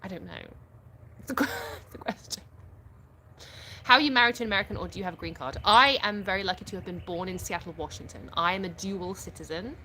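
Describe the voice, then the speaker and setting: A woman's voice: mid-range voice, bright, forceful tone, slight background noise. A British woman from the UK hosting a casual live stream at home, reading viewer comments aloud and answering them frankly, often laughing. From United Kingdom.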